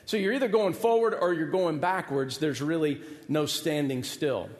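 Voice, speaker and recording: A man's voice: on the high side, moderate pace, a little mellow. A man in his forties, a pastor preaching a sermon, telling a personal story with humor and self-deprecating asides. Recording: echoey hall, long reverb.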